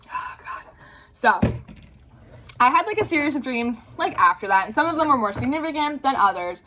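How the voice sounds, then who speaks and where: Young woman tarot reader, casual storytelling, bright and a touch high, loose and sweary. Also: very animated, fairly quick, slight background noise, rough recording. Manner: chatty, filler-heavy, swears casually.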